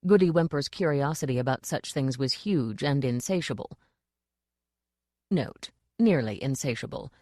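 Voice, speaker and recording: Low-voiced woman narrating an audiobook. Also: animated, moderate pace, warm tone, no room sound, clean studio sound.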